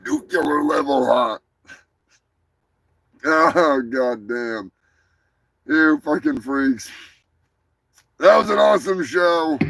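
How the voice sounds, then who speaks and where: A man hosting a live stream, signing off with rowdy, profane shout-outs to his viewers. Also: animated, takes it slowly, vocal fry, long pauses. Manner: drops to low mutters between sign-offs. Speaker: livestream show host. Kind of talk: casual live-stream sign-off chat. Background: music playing.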